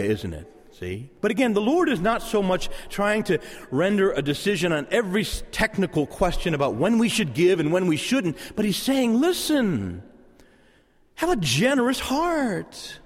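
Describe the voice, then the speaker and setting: A man preaches to his church with a fairly high voice that swoops up and down. He drops into playful quoted voices and chuckles as he talks. The sound carries a long, ringing reverb from the sanctuary. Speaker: pastor. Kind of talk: sermon.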